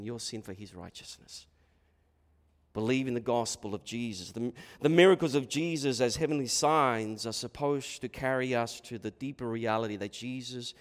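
A man's voice: mid-range voice, long reverb tail. A male pastor preaching a sermon in an emphatic way, asking rhetorical questions and repeating his words for stress.

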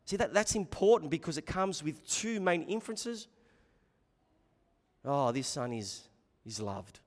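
A man preaching an expository sermon, swinging between loud emphatic bursts and quiet hushed asides. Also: on the high side, big pitch swings, a little slow. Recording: long hall reverb.

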